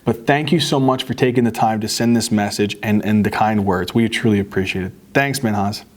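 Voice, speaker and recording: A man's voice: lowish voice, fairly even intonation, brisk. A man hosting a casual show, reading fan letters aloud and thanking viewers, touched enough to get choked up. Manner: warm, grateful, gets choked up. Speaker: host reading fan mail. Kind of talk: casual chat to camera.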